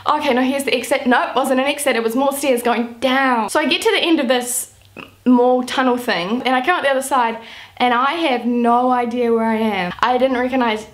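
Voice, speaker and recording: High-voiced chatty young woman vlogger. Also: steady tone, moderate pace. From New Zealand. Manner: chatty, says "like" constantly. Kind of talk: casual storytelling to camera.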